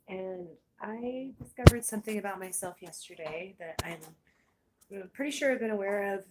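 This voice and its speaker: Halting woman with a low voice. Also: darkish tone, slight background noise. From Germany. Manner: halting, hesitant, many pauses and ums. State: out of breath. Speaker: vlogger. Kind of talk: personal confessional vlog.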